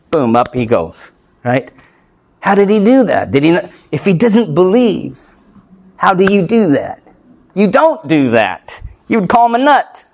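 Emphatic pastor preaching, higher male voice. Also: very animated, unhurried, darkish tone. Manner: emphatic, questioning the congregation. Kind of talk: sermon.

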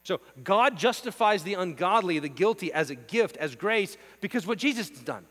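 Male preacher, higher voice, emphatic rhythmic delivery, long reverb and mains hum. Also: animated, moderate pace. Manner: emphatic, rhythmic lists, shifts between hushed and forceful. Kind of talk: sermon.

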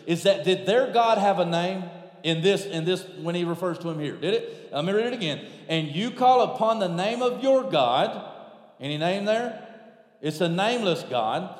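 Male preacher, high voice, lively sermon delivery, roomy reverb. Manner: animated, shouting at peaks then dropping very low. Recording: echoey hall.

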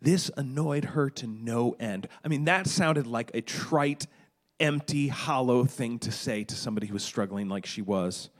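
A man's voice: medium pitch, normal speed. A middle-aged man preaching a sermon, retelling a story dramatically with stammered restarts. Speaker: pastor.

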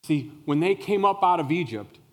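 A man's voice: a little high, normal speed. Man preaching a sermon in a reverberant hall. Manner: animated storyteller who explains words and asks the listeners questions. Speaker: pastor. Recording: long reverb of a large hall.

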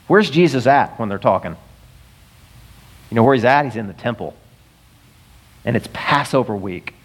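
A man preaching a sermon, telling stories with animated, emphatic delivery. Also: mid-range voice, normal speed, pauses often. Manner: animated storytelling preacher, rising to emphatic peaks. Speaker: pastor.

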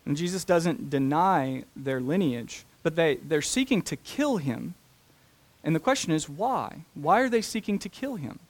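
A man preaching a sermon, talking deliberately and slowing down to stress key phrases. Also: fairly high pitch, expressive. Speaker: pastor.

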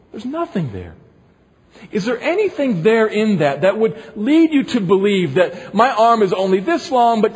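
A man's voice: sits high, a little mellow, slightly rough, exaggerated voice. A man voicing God as a loving father who asks rhetorical questions, in a long echoing hall. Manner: rhetorical questions, pleading and insistent.

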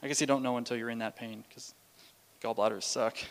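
A preacher delivers a sermon in a mid-range voice with fairly even intonation and a brisk pace. He tells stories casually, frequently restarting and using fillers. The recording has a long hall reverb.

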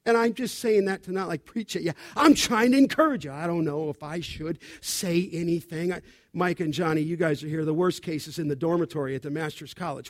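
A man preaching a sermon as pastor, urging the congregation on with sudden loud pushes and quieter asides. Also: a little high, brisk, no room sound, studio quality. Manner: urgent exhortation, shifting between loud and quiet.

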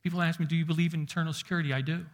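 A man preaching a sermon, emphatic, slowing down and dropping to a near whisper to stress points. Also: fairly high pitch, level tone.

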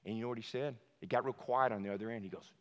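A man preaching a sermon as a pastor, emphatic, dropping to a hush and then rising to shouts. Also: medium pitch, rapid-fire, lo-fi sound. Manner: emphatic, swings from hushed to shouting. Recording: long hall reverb.

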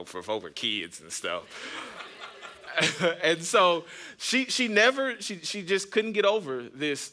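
A man's voice: on the high side, bright, forceful tone. A man in his thirties, a pastor hosting a podcast, preaching in a chatty way with personal stories and jokes aimed at the congregation. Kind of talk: conversational sermon with personal stories.

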